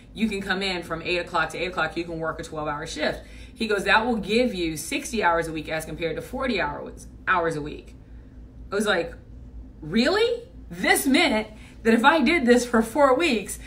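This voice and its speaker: A middle-aged woman who works as a business coach tells a personal story in a blunt, emphatic manner, repeating points for force in this motivational talk. Her voice is mid-range and a bit bright, and she's far from the mic.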